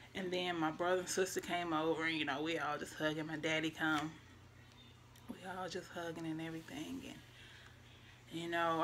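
Bright-voiced woman telling a story. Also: lowish voice, a little hiss or hum. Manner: emotional, drawn-out, drops to near-whispers. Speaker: vlogger. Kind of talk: casual storytelling.

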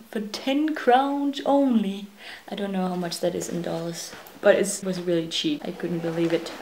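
A woman's voice: on the low side, a little mellow, a little hiss or hum. A teenage woman with as her rambles through a casual home vlog in her bedroom. She giggles and corrects herself as she goes. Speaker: vlogger. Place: her own bedroom, indoors.

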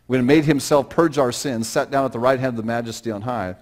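A middle-aged male pastor preaching a sermon, talking plainly and then swelling into loud, drawn-out emphasis on scripture verses. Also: medium pitch. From Pacific Northwest of the United States.

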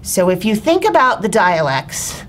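A woman's voice: medium pitch, big pitch swings, measured pace, a little hiss or hum. A woman who grew up in Tennessee, a guest telling stories in a casual podcast chat.

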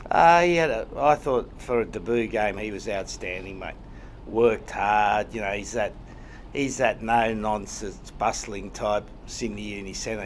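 A rugby head coach at a post-match press conference, answering reporters bluntly and wryly and repeating phrases for emphasis. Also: male voice, on the low side, normal speed, a little hiss or hum. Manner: blunt and wry, often ends with "mate".

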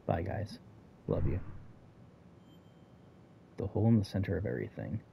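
A man with a fairly low voice reads a story game's dialogue aloud during a let's play, voicing each character in turn. He speaks in a casual, offhand manner. The recording is a little dull and lo-fi, with faint noise underneath. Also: big pitch swings, moderate pace, creaky. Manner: casual, reads every character's lines himself. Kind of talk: reading game dialogue aloud.

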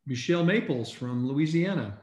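A man co-hosting a live online recognition event, reading out names in an upbeat way and often clearing his throat, speaking over a video call. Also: on the high side, animated, moderate pace, darkish tone. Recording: echoey room on a video call.

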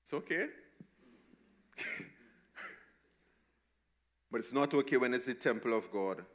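A male pastor preaching a sermon, emphatic and repetitive, swinging between hushed and loud passages. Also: medium pitch, lively intonation, takes it slowly.

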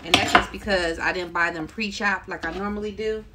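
A woman's voice: mid-range voice, steady tone, fairly quick, very noisy. A middle-aged woman chatting casually with livestream viewers while she chops vegetables in her home kitchen, laughing often. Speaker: cooking livestream host. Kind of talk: casual cooking livestream chat. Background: loud chopping and kitchen clatter.

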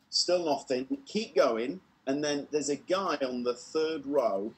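A British man telling a comedy story on an online show, lively and acting out the voices, laughing at his own tale. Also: mid-range voice, unhurried.

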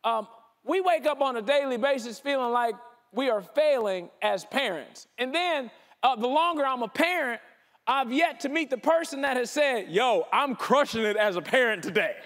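A man giving a conference sermon in an animated preaching style, with casual slang. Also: extremely high pitch, normal speed. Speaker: keynote speaker.

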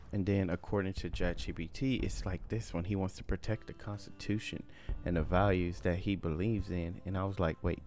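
Low-voiced, chatty gaming host. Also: male voice, a little mellow. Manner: chatty, rambling, jokey. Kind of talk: casual gameplay commentary.

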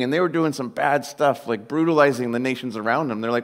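A man preaching a sermon in a conversational, animated way, mixing jokes with storytelling. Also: mid-range voice, fairly quick, few pauses. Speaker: pastor.

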